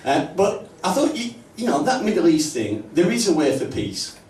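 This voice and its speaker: A man with a Northern English accent doing a stand-up comedy set in a small pub club, with punchy, deadpan delivery. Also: fairly high pitch, normal speed, a little hiss or hum. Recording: roomy, distant live mic, faint ambience.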